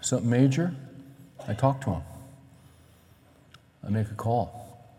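A middle-aged male pastor preaching a sermon in an animated way, acting out the voices he quotes. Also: mid-range voice, measured pace. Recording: long reverb of a large hall.

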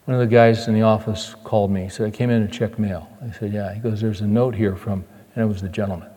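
Older man, sermon storyteller, acts out his own lines, goes soft and low at the close, reverberant hall. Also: steady tone, fast talker. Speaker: preacher. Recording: long reverb of a large hall.

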